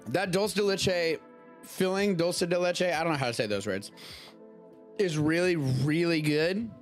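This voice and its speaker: A man hosts a live stream with a somewhat high voice, talking in a loose, rambling way and dropping the odd casual swear. Faint music plays low behind him. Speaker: show host. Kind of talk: casual chat, tasting food. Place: home studio during a live stream.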